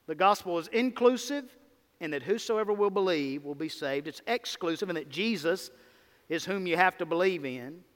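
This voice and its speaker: A man's voice: high voice, expressive, moderate pace, fairly bright tone, big-room sound. A man preaching a sermon, with an emphatic, repetitive cadence and rhetorical questions.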